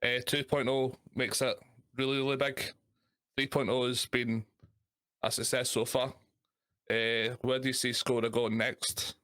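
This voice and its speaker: Laughing podcast host. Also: male voice, medium pitch, flat delivery, unhurried, fairly bright tone. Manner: laughing easily, asks questions. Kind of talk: casual podcast chat.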